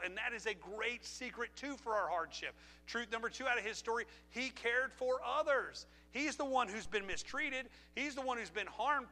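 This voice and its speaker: Man, pastor preaching in church, animated with asides, piercing bright voice. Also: high-pitched. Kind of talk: sermon. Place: church sanctuary. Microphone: handheld or pulpit mic.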